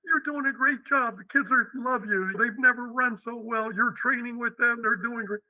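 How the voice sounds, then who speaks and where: A man's voice: very high voice, fairly even intonation, normal speed, phone-quality sound, voice pushed up. A man voicing a friendly male track coach who talks in an upbeat, reassuring way. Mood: encouraging.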